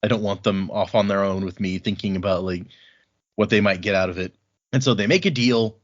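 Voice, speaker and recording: A husky man chats casually on a podcast, retelling a story's scenes and dropping into quick offhand quotes of the characters. He laughs easily as he goes, and the recording sounds somewhat dull and lo-fi. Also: fairly low pitch. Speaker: podcast co-host. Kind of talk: casual book-club chat. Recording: dull lo-fi audio.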